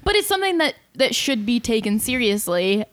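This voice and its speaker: A woman's voice: fairly high pitch, big pitch swings, brisk. A woman co-hosting a casual podcast, making wry remarks about pet keeping. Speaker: podcast co-host.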